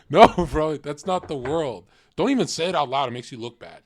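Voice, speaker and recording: A man's voice: on the high side, animated, a little fast. A young man streaming, giving blunt, mocking reaction commentary and acting out the people he quotes.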